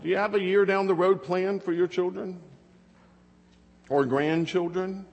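A man's voice: high-pitched, fairly even intonation, measured pace, creaky, big-room sound, muffled recording. A man in his thirties preaching a conversational sermon, telling family stories and asking rhetorical questions. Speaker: pastor.

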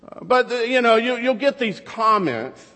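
A man's voice: extremely high pitch, big pitch swings, normal speed, sharp tone. Fatherly pastor preaching in a reverberant hall. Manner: conversational storytelling with rhetorical questions. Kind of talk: sermon.

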